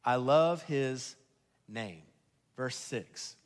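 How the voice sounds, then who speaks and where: A man preaching a sermon as pastor, swinging between loud emphasis and hushed, quiet stretches. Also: medium pitch, big pitch swings, takes it slowly, big-room sound. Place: church sanctuary.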